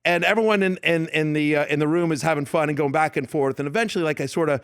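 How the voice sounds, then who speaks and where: A man's voice: on the high side, fast talker, smooth, no echo, studio quality. A man working as a fantasy football analyst, chatting in an interview and acting out the people in his stories. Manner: animated storyteller, acts out quoted yelling. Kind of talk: casual interview storytelling. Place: radio studio.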